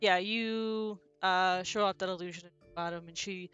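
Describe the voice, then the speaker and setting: A woman's voice: lowish voice, fairly even intonation, normal speed, a bit bright, smooth, dry recording, lo-fi sound, soft background music. A woman acting as game master, describing scenes loosely and with many fillers. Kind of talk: narrating a tabletop game.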